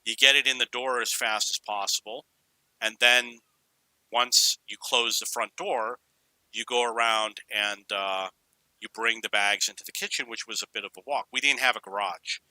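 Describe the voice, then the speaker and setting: Bright-voiced man telling rambling stories. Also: fairly low pitch, steady tone, moderate pace, dry recording, poor audio. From New York. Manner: rambling, digressive, anecdotal. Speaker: storyteller. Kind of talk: casual personal storytelling.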